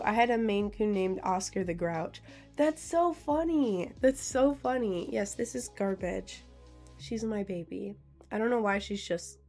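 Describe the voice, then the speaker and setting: A woman's voice: mid-range voice, darkish tone. A young woman streamer in casual live-stream chat. She giggles often, reads viewers' questions aloud, and answers them playfully.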